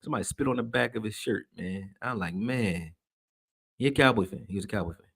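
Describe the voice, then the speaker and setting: A man with a fairly low voice talks casually as the host of a live stream and reads out viewer comments as he goes. His talk is loose and slangy, with plenty of swearing, and it jumps up loud when he gets animated. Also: fairly quick, creaky, husky.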